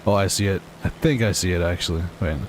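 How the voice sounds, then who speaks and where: Low-voiced young man streaming a game. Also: fast talker, a little hiss or hum. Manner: rambling, chatty, talks to chat while playing. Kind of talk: casual gaming livestream chat.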